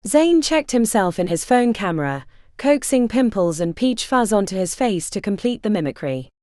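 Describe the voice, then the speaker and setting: Woman reading a fantasy audiobook, lots of pitch movement, dry close mic. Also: no room sound. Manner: expressive, measured storytelling. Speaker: audiobook narrator. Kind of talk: audiobook narration.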